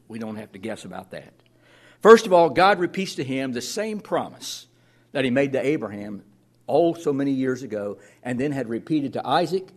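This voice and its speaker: A man pastor preaching a sermon in an earnest way, reading scripture aloud and often repeating words as he restarts. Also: medium pitch.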